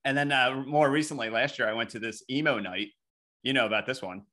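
Bright-voiced man telling stories. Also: medium pitch, brisk. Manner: profane, storytelling, mimics voices in quotes. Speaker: podcast co-host. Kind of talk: casual podcast banter.

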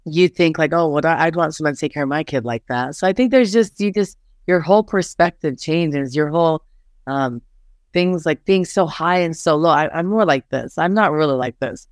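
Smooth-voiced woman coach, animated storyteller. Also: deep voice, normal speed, dry recording, studio quality. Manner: animated storytelling, frequent "like" fillers, acts out quotes. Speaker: basketball head coach, interview guest. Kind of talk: candid interview conversation.

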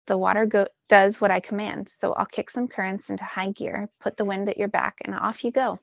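Storybook reading: a brash, impatient male sea god, as a woman reader puts him on, with a gravelly edge and a dull, dry sound. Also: medium pitch, flat delivery, fairly quick, no room sound. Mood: cocky.

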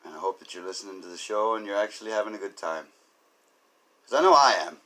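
A man's voice: on the low side, lively intonation, fast talker, fairly bright tone. A man hosting a comedy podcast, rambling through goofy, self-mocking jokes in a loose monologue. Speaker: podcast host.

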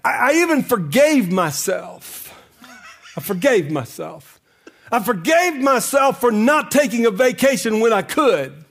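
A man with a high voice preaching from the pulpit. He swings between fast, pressing runs and a chanted, half-sung cadence that rises into shouting, with faint music behind him. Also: big pitch swings, gravelly. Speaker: pastor. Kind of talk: sermon.

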